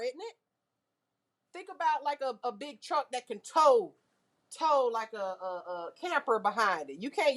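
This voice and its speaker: A woman teaching a nail class, lively and full of questions to her students. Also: a little high. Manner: lively, asks the class questions, uses car comparisons. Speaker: nail instructor. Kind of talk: classroom lecture.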